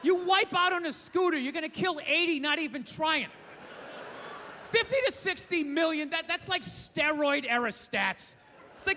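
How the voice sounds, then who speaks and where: A man doing a stand-up comedy set on stage, ranting and swearing with loud shouted bursts, recorded live in a theater. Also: extremely high pitch, animated, normal speed. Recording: live in a theater with long reverb and faint crowd noise.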